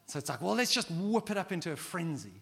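A middle-aged man preaching a sermon as pastor, animated and acting out quoted prayers. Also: high voice, fast talker, creaky. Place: large church hall. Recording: long hall reverb.

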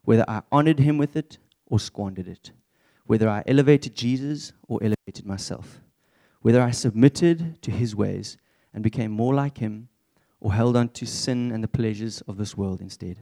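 Young male preacher, relaxed warm timbre, earnest and chatty. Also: fairly low pitch, normal speed. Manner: earnest, conversational, candid. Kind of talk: church sermon.

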